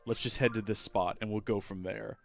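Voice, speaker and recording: A man's voice: on the low side, fairly even intonation, brisk, vocal fry, faint music behind. A man hosting a casual gameplay livestream, rambling and self-deprecating as he chats with viewers. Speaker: livestream host.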